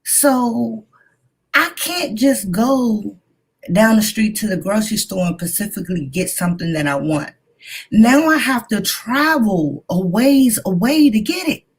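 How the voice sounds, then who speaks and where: A woman talking fervently and with excitement in a religious discussion. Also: medium pitch, measured pace, slightly rough.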